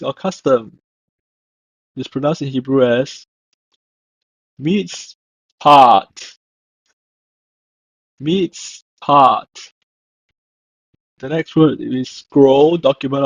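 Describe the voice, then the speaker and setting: A man teaching a language lesson, speaking slowly and deliberately and repeating each word to show how it is pronounced. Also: mid-range voice, dark tone, no echo. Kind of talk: slow instructional narration. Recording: dull lo-fi dry voice-over.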